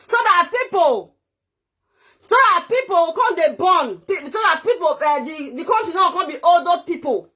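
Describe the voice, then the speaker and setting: Nigerian woman, very high and bright voice, loud scolding rant with shouts and mutters. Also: lively intonation, moderate pace. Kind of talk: ranting monologue to camera.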